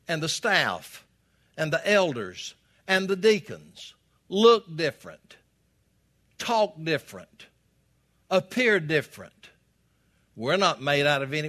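A man's voice: a little high, a bit bright. A man preaching a sermon as the pastor of a Baptist church, folksy and emphatic, speaking to a congregation in a church. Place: church sanctuary.

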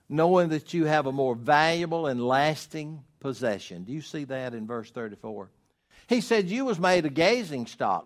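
A pastor in his sixties preaching a sermon, building to loud emphatic peaks and then dropping low and quiet. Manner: preaching with swelling emphasis and sudden drops.

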